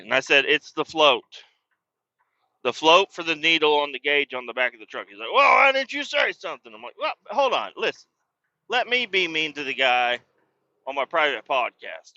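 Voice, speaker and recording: A man's voice: mid-range voice, pushed and bright, dry recording, dull audio. A man, a truck driver, hosting a podcast and telling a rambling story in casual, profane talk, raising his voice when he quotes people.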